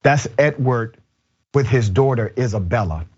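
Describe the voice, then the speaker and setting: A man's voice: mid-range voice, animated, a little slow, a little mellow, slightly rough, lo-fi sound. A man hosting a political talk show, delivering emphatic commentary. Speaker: host.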